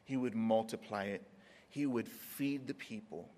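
A man preaching a sermon, drawing words out with dramatic pauses and acting out scenes in quoted voices. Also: fairly low pitch, a little mellow, big-room sound.

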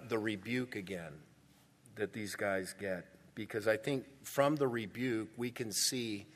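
A man's voice: medium pitch, a bit bright, long reverb tail. A male pastor preaching a sermon in a church, emphatic and repeating words for stress.

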